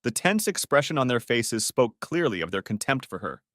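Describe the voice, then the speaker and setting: A man narrating a dramatic family story in an expressive reading. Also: medium pitch, moderate pace, no echo, studio quality.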